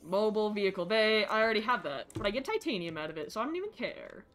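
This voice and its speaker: A woman streaming a game live, chatting excitably, greeting creatures with squeals and swearing when frustrated. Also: mid-range voice, fast talker, soft background music. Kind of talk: live gameplay stream chat.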